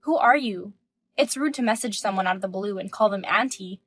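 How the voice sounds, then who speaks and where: A woman's voice: mid-range voice, fairly quick, fairly bright tone, slightly rough, dry recording. A woman in her thirties reading a scripted text story, speaking in an indignant, questioning way. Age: 30s. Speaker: story narrator voicing the wife.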